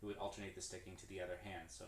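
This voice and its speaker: A man's voice: low-pitched, little pitch movement, rapid-fire. A man explaining drum stickings in a loose, rambling way as he practices on a stream, correcting himself and counting hands aloud. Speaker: drummer streaming his practice. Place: room with a drum kit. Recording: echoey room, distant mic, clear background noise.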